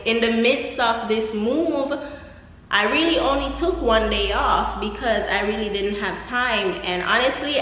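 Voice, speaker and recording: Jamaican lady vlogging, kinda high voice, lots of laughs, long reverb from an empty apartment. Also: pushed and bright. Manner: chatty, laughs often, rambling asides. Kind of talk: casual chat. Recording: echoey empty room.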